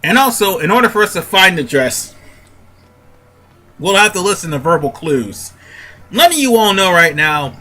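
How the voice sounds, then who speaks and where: Congested man with a very bright voice. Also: high voice, very animated, moderate pace, pauses often. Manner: rambling, corrects himself often. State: stuffy nose, congested. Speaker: let's play commentator. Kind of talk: casual gameplay commentary.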